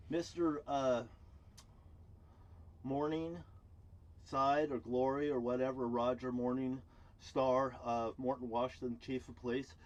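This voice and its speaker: Outside by a cruise ship terminal, a man films himself in an angry, swear-filled tirade for his vlog. His voice keeps shifting between loud eruptions and quiet grumbling.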